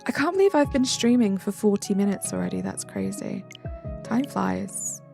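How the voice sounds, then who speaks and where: A woman's voice: mid-range voice, animated, normal speed, creaky. A young woman from England, live streaming and chatting back to viewer comments in a casual way. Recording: faint music behind.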